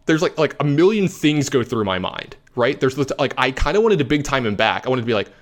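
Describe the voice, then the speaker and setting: A man's voice: mid-range voice, fairly quick, hardly any pauses. Rambling man telling a story. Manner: animated, rambling, lots of fillers. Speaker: competitive card game player. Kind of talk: casual storytelling.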